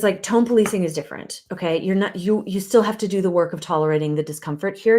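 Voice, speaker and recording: A woman relationship coach teaches in an earnest but loose way, with many fillers and restarts. Her voice is medium-pitched with a darkish tone.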